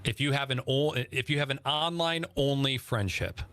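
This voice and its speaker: A man's voice: medium pitch, normal speed, a bit bright, smooth, dry recording. A man co-hosting a podcast, speaking casually with hesitations, swearing and frequent agreement. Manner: profane, hesitant, lots of agreeing. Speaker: podcast co-host.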